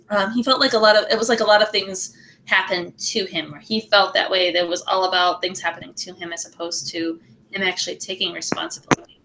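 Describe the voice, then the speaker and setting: A woman's voice: medium pitch, a little hiss or hum, low-quality recording. A woman podcast host chatting enthusiastically with her guest in a casual interview. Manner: enthusiastic, chatty, animated reactions.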